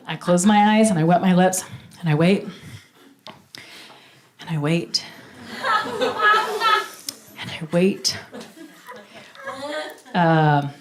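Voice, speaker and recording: A woman telling a stand-up story on stage, animated and squealing at the big moments. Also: echoey room. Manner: animated, acts out voices, high squeals at punchlines. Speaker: stand-up comedian. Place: comedy stage with a live audience.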